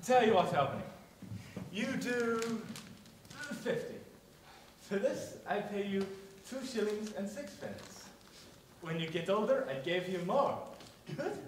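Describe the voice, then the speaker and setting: A young performer in a school play acting a stern German shopkeeper with a German accent and broken, formal phrasing. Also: male voice, high voice, lively intonation, unhurried, pauses often, a little hiss or hum. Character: stern older German shopkeeper man, gruff. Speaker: newsagent employer. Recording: echoey hall, from far off.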